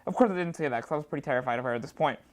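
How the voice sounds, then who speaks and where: In a studio, a woman comedian appearing as a guest tells an animated anecdote in a low-pitched, rapid-fire voice. Her jumpy delivery swings widely as she acts out both sides of the conversation.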